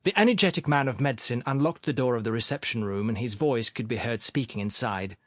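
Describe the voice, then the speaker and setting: In clean studio audio free of room sound, a medium-pitched male narrator reads an audiobook script. His delivery is measured yet expressive.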